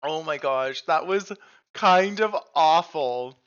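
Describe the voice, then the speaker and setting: A woman's voice: deep voice, slow pace, smooth, lo-fi sound. A woman streaming a video game live, chatting casually with her viewers, reacting aloud and reading on-screen text, and swearing freely.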